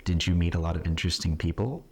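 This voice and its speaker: A very deep-voiced man leads an English lesson, talking it through patiently and often asking "right?" to check understanding. Faint background noise sits under his voice. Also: fast, a little mellow. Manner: patient, explains with example questions, checks in with "right?". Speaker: English teacher. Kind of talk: conversational classroom explanation. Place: classroom or retreat room.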